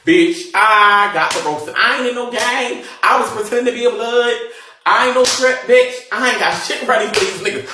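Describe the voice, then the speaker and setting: A man vlogging from a car, retelling a story in a dramatic, profane, animated way. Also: extremely high pitch, normal speed. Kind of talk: casual storytelling. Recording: echoey and distant from the mic, faint noise.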